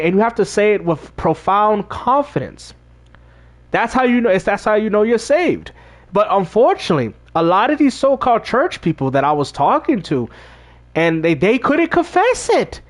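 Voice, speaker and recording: A man's voice: sits high, very animated, brisk. A man streaming a game while talking casually to his chat, preachy and emphatic. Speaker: gaming streamer. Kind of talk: casual livestream talk.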